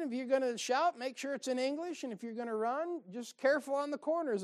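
A man's voice: high-pitched, moderate pace. A man preaching a sermon in a folksy, exhorting way, with asides and short laughs.

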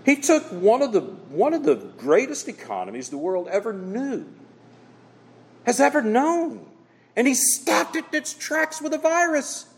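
A man's voice: very high voice, sing-song, unhurried, slightly rough, big-room sound. A man preaching a sermon as pastor, emphatic and quoting scripture dramatically.

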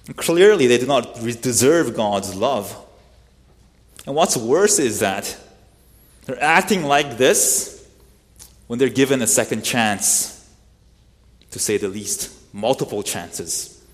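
A man delivers an expository sermon in an earnest, teaching voice of middle pitch. He often poses rhetorical questions to his listeners. His voice carries a long, lingering hall reverb. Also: lively intonation, slow, pauses often. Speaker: pastor.

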